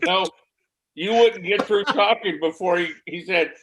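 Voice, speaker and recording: A man's voice: high voice, unhurried, fairly bright tone, slight background noise, low-quality recording. A man chiming in with joking asides during a casual group chat.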